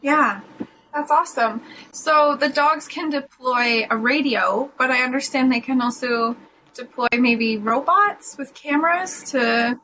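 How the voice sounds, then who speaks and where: Female interviewer, slightly higher pitch, very bright voice, upbeat and encouraging. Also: measured pace, slight background noise, low-quality recording. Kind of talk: live interview questions.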